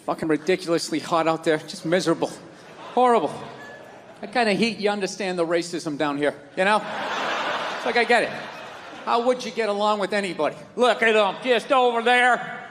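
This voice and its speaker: A man's voice: high voice, long reverb tail. A middle-aged man doing stand-up before a live audience, sardonic and profane, stretching out his words. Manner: sardonic, profane, drawn-out delivery. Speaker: stand-up comedian. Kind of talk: stand-up comedy. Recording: live show with crowd and noise.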